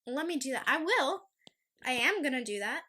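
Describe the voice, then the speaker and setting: A woman's voice: high voice, animated, normal speed, pushed and bright. A young woman hosting a casual solo podcast, ranting in an exasperated, emphatic way. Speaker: podcast host.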